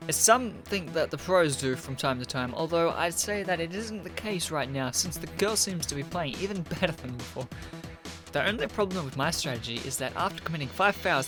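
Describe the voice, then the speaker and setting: A man reading a visual novel aloud as narration, chuckling between lines and adding wry asides. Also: on the high side. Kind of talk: casual read-along narration.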